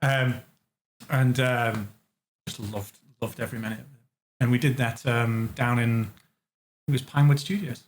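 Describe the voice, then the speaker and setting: A man from England who designs games, telling lively studio stories as an interview guest and acting out the voices of the people he quotes. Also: medium pitch, a little slow, pauses often, a little hiss or hum. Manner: animated storyteller, acts out quotes. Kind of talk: casual interview chat. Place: living room.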